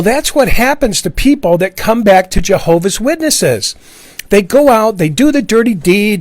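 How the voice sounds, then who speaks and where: A man's voice: sits high, no room sound. A middle-aged man giving an earnest, impassioned monologue, often repeating himself. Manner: earnest, repetitive, acts out quoted voices. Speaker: ex-Jehovah's Witness speaking out.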